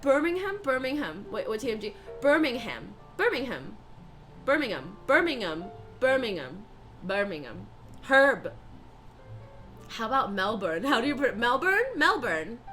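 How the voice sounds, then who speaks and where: A woman's voice: fairly high pitch, very animated, measured pace, a bit bright, faint music behind. A young woman chatting casually on a live stream as she bakes, swearing and laughing often and sounding out words over and over. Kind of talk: casual live-stream chat while baking.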